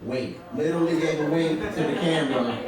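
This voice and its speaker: Brief: young man from Brooklyn, lively storyteller onstage, voice rides high and roams, caught from off mic. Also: brisk, far from the mic, over a noisy crowd. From Brooklyn, New York. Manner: animated, laughs through his telling. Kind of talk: live comedic storytelling. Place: theater stage before a live audience. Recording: very echoey theater, from off mic.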